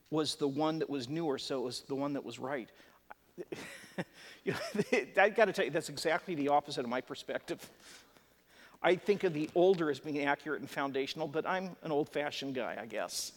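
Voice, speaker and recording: A man's voice: a little high, normal speed. A man preaching a sermon to a live congregation, conversational and emphatic, with chatty asides. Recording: long hall reverb.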